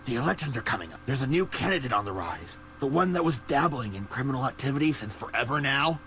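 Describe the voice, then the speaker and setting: A paranoid aging caped vigilante. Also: male voice, medium pitch, big pitch swings, fast talker, bright, forceful tone, slight background noise. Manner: conspiratorial, growling asides.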